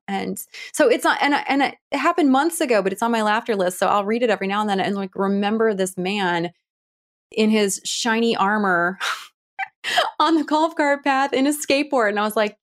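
A woman in her thirties from Ohio, a guest telling lively stories with laughter and acted-out quotes. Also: moderate pace. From Ohio, Cleveland area. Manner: lively, laughing, acts out quotes with big pitch jumps. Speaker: guest, author. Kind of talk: animated storytelling in a podcast interview.

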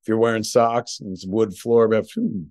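A man's voice: on the low side, fairly even intonation, normal speed, a little mellow, dry recording, studio quality. A middle-aged man co-hosting a podcast from home, telling a long, rambling story packed with profanity. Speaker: podcast co-host. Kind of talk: casual chat.

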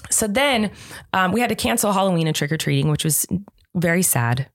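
This podcast co-host, a woman in her thirties, has a fairly low voice with lively intonation and talks a little fast. Her casual chat is full of family stories, told with frequent laughter.

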